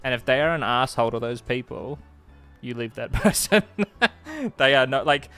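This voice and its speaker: A man co-hosting a casual live stream from home, rambling with halting restarts and laughter. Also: mid-range voice, fairly bright tone, smooth, soft background music. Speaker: co-host.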